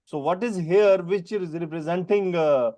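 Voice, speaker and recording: A man with a high, mellow voice teaches Quran grammar in non-native English. He asks students questions by name and explains each term slowly.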